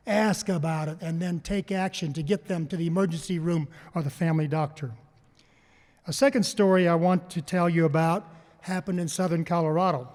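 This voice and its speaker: High-voiced man speaking in a hall. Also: a little mellow. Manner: storytelling, asks the crowd questions and repeats their answers. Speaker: panel speaker on farm mental health. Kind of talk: public talk to a live audience. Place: conference hall. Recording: long hall reverb.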